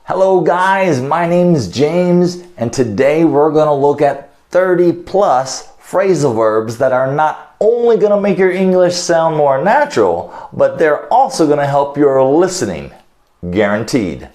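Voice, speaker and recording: Animated American man teaching English. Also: on the high side, a little slow. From United States. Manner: switches between English and Portuguese explanations; acts out phone calls in a raised voice. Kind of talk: video lesson.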